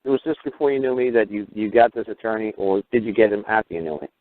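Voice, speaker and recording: A man's voice: fairly low pitch, fast, no room sound. Man, call-in radio host; swears and rambles on, thin phone-line sound. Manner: profane, ranting, rambling.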